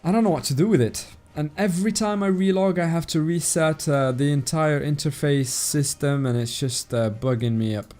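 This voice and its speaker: Mellow, chatty male game streamer. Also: on the high side, normal speed, hardly any pauses, soft background music. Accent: non-native English accent. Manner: chatty, relaxed, reads and thanks viewers' chat aloud. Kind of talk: casual live-stream commentary while playing.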